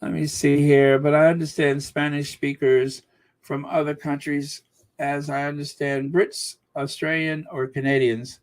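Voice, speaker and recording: A man's voice: on the high side, little pitch movement, a little slow. A man hosting a casual live stream, chatting in a musing way and reading out viewer comments, with many fillers and restarts.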